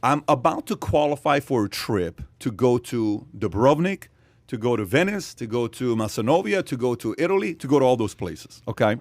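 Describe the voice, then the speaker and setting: A man hosting a podcast, telling a long story with energy and emphasis, with sudden loud jumps in his voice. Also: medium pitch, animated, normal speed, no room sound. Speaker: podcast host. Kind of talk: animated storytelling in podcast chat.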